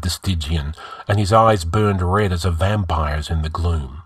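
A man reading fantasy fiction aloud, narrating with measured, dramatic pacing. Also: low voice, a bit bright, slightly rough, no room sound, studio quality.

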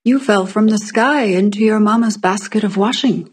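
A woman reading the part of a good-natured middle-aged craftsman who teases kindly, in a storybook reading with a breathy voice. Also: medium pitch, moderate pace, lightly acted. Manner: cheerful, teasing.

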